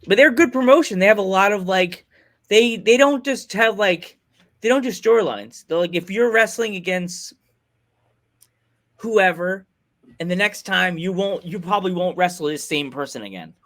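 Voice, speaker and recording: A man hosting a podcast, telling rambling, excitable stories in casual chat. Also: high voice, normal speed. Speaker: podcast host.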